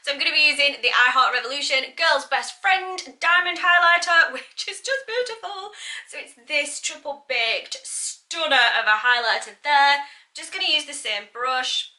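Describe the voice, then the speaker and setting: Bubbly high-pitched woman. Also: lively intonation, moderate pace, pushed and bright. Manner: bubbly and chatty, talks to viewers. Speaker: beauty vlogger. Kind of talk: casual makeup tutorial.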